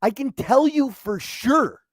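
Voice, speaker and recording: A man's voice: extremely high pitch, expressive, takes it slowly, no room sound, studio quality. A man co-hosting a talk show, arguing bluntly and heatedly with plenty of swearing. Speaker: co-host. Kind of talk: casual chat. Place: studio.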